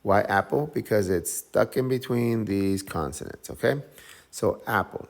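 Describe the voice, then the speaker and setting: A man's voice: fairly low pitch, expressive, takes it slowly, gravelly. A man teaching English phonics, patiently sounding out each syllable and repeating whole words several times. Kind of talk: phonics lesson.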